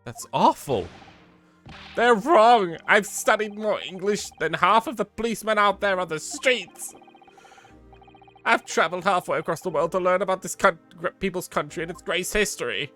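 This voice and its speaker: Game read: British man voicing a distressed young foreign student, strained and high, bright and tense. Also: moderate pace, soft background music. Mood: pleading. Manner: high-pitched, freaked out.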